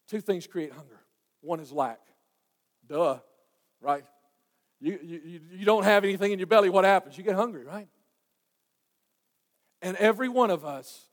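A man preaching a sermon, folksy and conversational, swinging from hushed asides to loud, fervent passages. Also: a little high, long reverb tail. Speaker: pastor.

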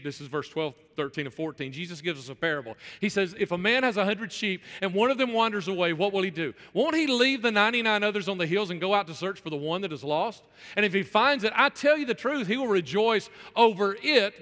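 A male pastor preaching a sermon in church, repeating phrases for emphasis and restarting his sentences quickly. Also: high voice, sharp tone, big-room sound. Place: church sanctuary.

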